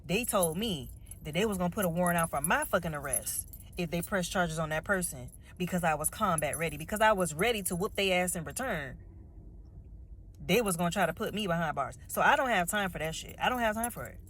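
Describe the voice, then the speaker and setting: A woman's voice: fairly low pitch, a little hiss or hum. A woman from Miami with a Miami accent, ranting bluntly and with lots of swearing in a casual monologue. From Miami, Florida. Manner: blunt, profane, animated storytelling with drawn-out words. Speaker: vlogger.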